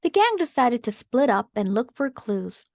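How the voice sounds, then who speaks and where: A woman's voice: on the high side, big pitch swings, a little mellow, no echo, studio quality. A woman reading a children's storybook aloud as the narrator. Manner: slow and clear. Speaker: storybook reader.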